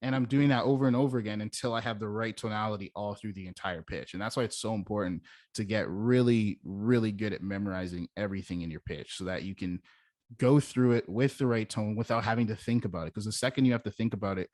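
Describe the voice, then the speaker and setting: A man's voice: lowish voice, fast talker, a little mellow, no room sound, clean studio sound. A young man teaching as a sales coach in a casual, emphatic way, demonstrating how stressing different words changes meaning. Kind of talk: casual instructional talk.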